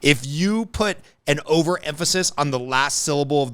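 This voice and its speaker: A man's voice: fairly high pitch, a little fast, few pauses, fairly bright tone, clear, resonant tone, no echo, clean studio sound. A man from the United States hosting a business podcast, talking bluntly and joking around in casual interview chat. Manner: blunt, joking, swears freely. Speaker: podcast host and business coach.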